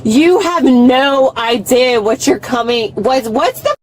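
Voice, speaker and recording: A woman's voice: high-pitched, takes it slowly, a little hiss or hum, rough recording. A woman in her thirties, an arrested driver arguing inside a police car, belligerent, swearing and repeating herself, caught on a body camera. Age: 30s. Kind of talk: heated argument on bodycam.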